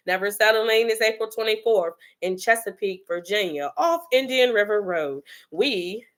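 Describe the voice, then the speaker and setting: A woman from the Bronx, New York, hosts a casual livestream, chatting and greeting viewers by name. Her voice sits a little high and has a sharp tone.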